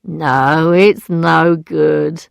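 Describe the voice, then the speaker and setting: A woman playing a cold, scornful male moneylender who speaks slowly, in a storybook reading. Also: sits low, steady tone, vocal fry, clear, resonant tone, no echo, exaggerated voice.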